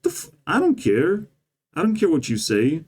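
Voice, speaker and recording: A man's voice: on the high side, wildly swooping pitch, moderate pace, a little mellow, breathy edge. A man delivering a rambling, profane and sarcastic monologue as a vlogger. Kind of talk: ranting monologue.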